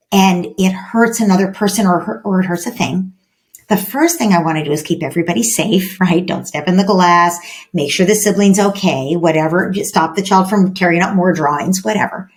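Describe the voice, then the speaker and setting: A woman giving parenting advice as an expert guest on a podcast. She explains at length, often ends points with "right?", and acts out gentle dialogues between parent and child. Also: on the low side, normal speed.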